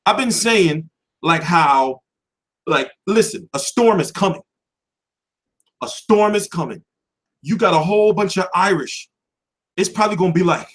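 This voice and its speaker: Profane guy ranting on his boxing stream, higher voice jumping all over. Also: a bit bright. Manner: loose, profane, rhetorical questions. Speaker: boxing show host. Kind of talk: casual livestream commentary.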